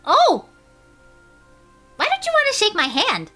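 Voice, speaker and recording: A tiny buzzing bee boy, hyperactive and nosy, squeaking out every line in a very high, bouncy voice. The pitch swoops wildly as he chatters on like a cartoon game sidekick. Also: huge pitch swings, a little slow, bright, forceful tone, faint music behind, full character voice. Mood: chirpy. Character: hyper little male bee kid.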